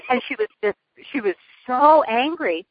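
A woman guest telling a personal story in an interview, earnest and lively, laughing often. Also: high-pitched, a little slow, slightly rough, no echo. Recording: dull lo-fi phone line.

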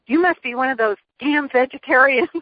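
A woman's voice: sits high, a little fast, voice pushed up. A woman mimicking an angry scolding kayaker. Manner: shouting, accusing. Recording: dull lo-fi phone line.

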